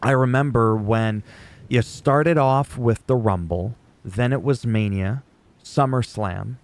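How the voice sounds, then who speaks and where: A man's voice: medium pitch, takes it slowly. A middle-aged man hosting a casual wrestling recap, rambling and chatty, joking at his own expense. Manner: rambling, chatty, laughs at himself.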